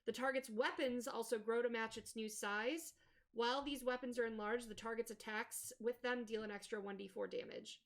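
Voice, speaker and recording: A woman's voice: fairly high pitch, fairly even intonation, normal speed. A woman playing a tabletop game, chatting and reading out spell rules. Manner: chatty, reads rules aloud. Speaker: player. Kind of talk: casual tabletop game play.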